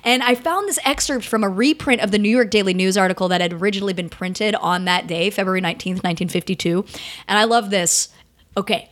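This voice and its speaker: A woman's voice: medium pitch, fast. A woman co-hosting a podcast, retelling a true-crime story in a chatty, casual way full of fillers and asides. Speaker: podcast co-host.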